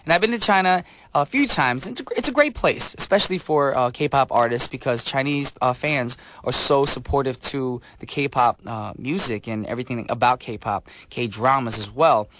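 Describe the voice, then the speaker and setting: A man's voice: mid-range voice, moderate pace, hardly any pauses, a bit bright, slight background noise. Upbeat male radio DJ. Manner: upbeat, chatty with fillers. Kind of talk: radio show hosting. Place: radio studio. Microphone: studio mic.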